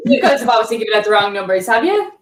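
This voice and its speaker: A woman's voice: a little high, very animated, very fast, heavy background noise. Rambling young woman, roomy and distant. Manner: rambling, lots of fillers and swearing. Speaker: podcast co-host. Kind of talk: casual chat, storytelling.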